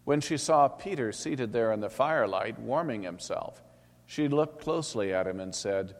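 A man's voice: mid-range voice, animated, moderate pace. Solemn man narrating scripture. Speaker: scripture reader. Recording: long hall reverb.

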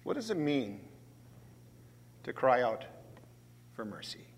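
A man preaching a sermon as a pastor, deliberate and emphatic, swelling loud on key words, in a church. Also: mid-range voice, sing-song, slightly rough. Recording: long reverb of a large hall.

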